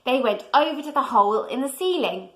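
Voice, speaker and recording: A woman reading a children's storybook aloud in a gentle way, pointing out the pictures to young listeners. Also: high-pitched, lively intonation, a little fast, poor audio.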